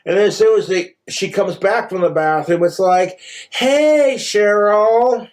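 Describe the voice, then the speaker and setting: A high-pitched man rambles through a crude, profane livestream monologue. He tells his jokes in a put-on mock Cockney accent. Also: moderate pace, darkish tone.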